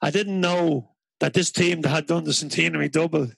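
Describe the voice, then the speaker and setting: A man's voice: a little high, steady tone, brisk, vocal fry, a bit bright, slightly rough, no room sound, poor audio. A man talking football with a guest in a casual interview, reflective and drawn out.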